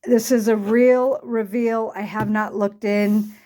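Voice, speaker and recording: A woman's voice: mid-range voice, fairly even intonation, slow pace, warm tone, reverberant, recorded from a distance. A woman vlogging casually about quilting, gushing and choked up with tears as she thanks a company. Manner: gushing, emotional, exclaims and gasps often. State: choked up, tearful. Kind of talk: casual unboxing vlog.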